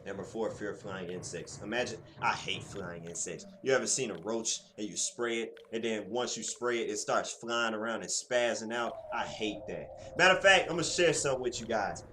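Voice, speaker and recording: A man reading game text aloud, then breaking off into rambling, slangy commentary that grows louder when he gets excited. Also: on the low side, normal speed, few pauses, background noise. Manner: rambling and talkative, slangy asides. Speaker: gaming channel host.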